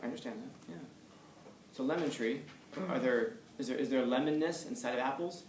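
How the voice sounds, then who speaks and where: A man gives a casual classroom lecture at an ordinary pitch and often repeats his points for emphasis. His voice bounces around a roomy space and sits away from the mic. A faint noise runs underneath. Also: brisk. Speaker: teacher. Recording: echoey room, far from mic, faint noise.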